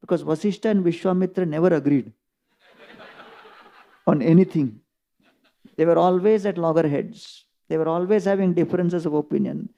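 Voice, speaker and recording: A man giving a scripture class, retelling an epic story in an animated storytelling manner. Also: on the high side, moderate pace, vocal fry, long pauses. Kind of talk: scripture lecture.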